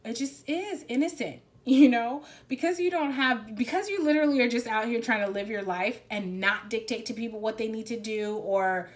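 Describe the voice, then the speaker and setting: A woman's voice: a little high, normal speed, few pauses. A woman giving a spiritual card reading in a casual, rambling, emphatic way, often restarting her sentences. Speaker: tarot reader.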